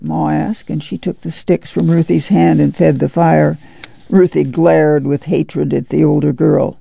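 A man narrating a novel as an audiobook reader in a steady storytelling delivery. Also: a little high, a little slow, gravelly, breathy edge, no room sound. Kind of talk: scripted narration. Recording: dull lo-fi dry audiobook recording.

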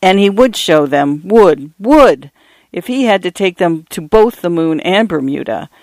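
A man narrating literary fiction in a measured, descriptive reading. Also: high-pitched, expressive, no echo.

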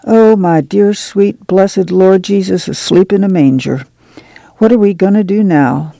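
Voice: mid-range voice, a little slow, gravelly, dark tone, no room sound. A reader voicing a weary, tough older farm mother who speaks in a rural drawl. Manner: rural drawl, firm and plain-spoken.

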